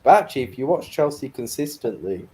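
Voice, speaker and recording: Brief: calm man, mellow voice, measured football pundit. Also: medium pitch. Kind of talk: casual football chat.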